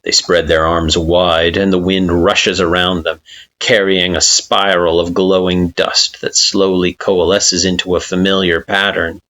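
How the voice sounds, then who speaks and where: A man reading a fan-fiction story aloud with slow, expressive narration. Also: low-pitched. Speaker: story reader.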